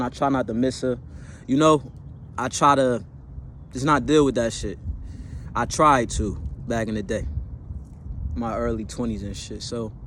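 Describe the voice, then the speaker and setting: A young man in his twenties tells a personal story in loose, street-slang speech, swearing freely and circling back to correct himself. His voice sits at an ordinary middle pitch. Faint noise hums behind him. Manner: slangy, profane, rambling with fillers and self-corrections.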